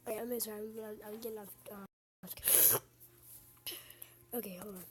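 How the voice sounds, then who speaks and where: A woman with a scratchy voice, talking quietly and haltingly with many fillers while commenting on her gameplay. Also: medium pitch, fairly even intonation. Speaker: gamer.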